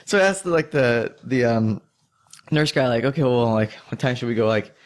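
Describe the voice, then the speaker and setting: A young man tells a rambling story in casual chat, swearing freely and laughing between lines. His voice sits in an ordinary middle pitch. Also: animated, normal speed.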